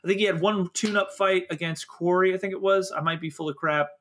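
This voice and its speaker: A man from Philadelphia co-hosting a podcast in casual chat, excitable, laughing often and swearing casually. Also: sits high, quick pace, slight background noise. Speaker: podcast co-host.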